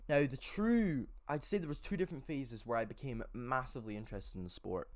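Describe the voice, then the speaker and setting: Teenage guy, casual vlog intro, hesitant, lots of ums, mid-pitched. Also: fairly quick. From Scotland. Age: late teens. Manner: chatty, hesitant, many fillers and restarts. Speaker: channel host.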